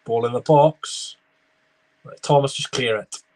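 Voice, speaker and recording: A man's voice: mid-range voice, a little slow, darkish tone. Chatty man giving live match reactions. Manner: chatty running commentary, reading out viewer messages. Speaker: football watchalong streamer.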